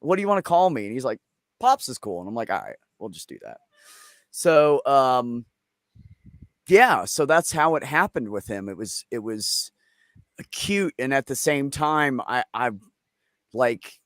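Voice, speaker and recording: A man's voice: mid-range voice, big pitch swings, unhurried, a bit bright, no echo, studio quality. A middle-aged man hosting a casual live chat, telling stories bluntly and with lots of swearing and joking. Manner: blunt, profane, joking storyteller. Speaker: livestream host.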